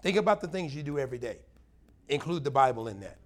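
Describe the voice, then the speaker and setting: A man's voice: medium pitch, expressive, quick pace. Earnest male pastor teaching scripture. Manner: earnest, conversational preaching, rising to emphatic stresses. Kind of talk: plain-spoken Bible teaching sermon.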